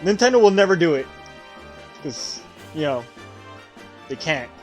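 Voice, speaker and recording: Cursing gamer guy streaming, super lively voice swinging up and down, game music going. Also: on the high side, unhurried. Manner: profane, animated rants. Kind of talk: casual gameplay commentary.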